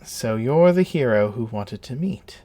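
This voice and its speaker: A man voicing a haughty young noble girl with a quick temper, prim and scolding, in a tabletop game. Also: mid-range voice, animated, dark tone, natural voice. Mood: sweet.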